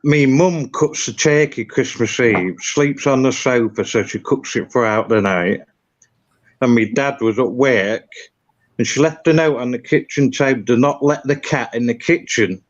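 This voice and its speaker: A man's voice: mid-range voice, normal speed, dull audio. A man, a guest on a live stream, casually telling a story and laughing at it. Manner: easygoing, laughs at his own story.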